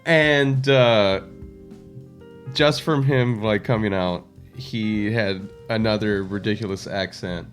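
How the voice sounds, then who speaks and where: Slow-talking joking male co-host. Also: lowish voice, faint music behind. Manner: slow, joking, laughs often. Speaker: podcast co-host. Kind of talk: casual movie discussion.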